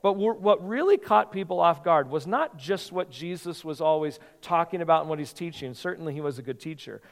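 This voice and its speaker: Conversational pastor in a reverberant hall. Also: male voice, a little high, expressive, brisk, hardly any pauses. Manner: conversational, repeats words while thinking. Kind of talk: sermon. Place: church sanctuary.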